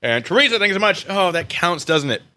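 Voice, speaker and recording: A bright, lively American man hosts a live stream and chats casually with his viewers. His pitch jumps around a lot, and he swings between loud bursts and quiet mumbled asides. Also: fairly quick.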